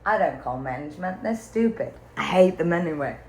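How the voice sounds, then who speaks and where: A woman's voice: lowish voice, expressive, a little fast, a little mellow. Theatrical rambling woman in echoey room. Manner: rambling, theatrical, swears freely, full of "like" and "okay". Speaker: vlogger venting to viewers. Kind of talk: comedic rambling monologue. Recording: echoey room with faint ambience.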